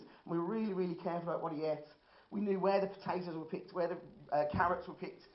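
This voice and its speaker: A man, telling a dry, self-deprecating stand-up comedy set in an indoor hall. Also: high-pitched. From Birmingham, England. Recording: roomy, dull lo-fi hall recording.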